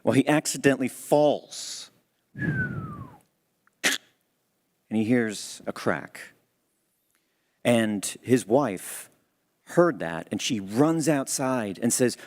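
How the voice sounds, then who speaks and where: A man's voice: medium pitch, wildly swooping pitch, slow pace, pauses often, darkish tone. A man giving a church talk, telling a story in an earnest, conversational way. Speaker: church speaker. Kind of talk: sermon storytelling.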